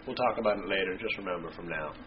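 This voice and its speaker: A man's voice: low-pitched, quick pace, a loud crowd. A man reading a Bible passage and then explaining it in an irreverent, joking, slangy way. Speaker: Bible study video host. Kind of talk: scripture reading and casual explanation. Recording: dull lo-fi home recording.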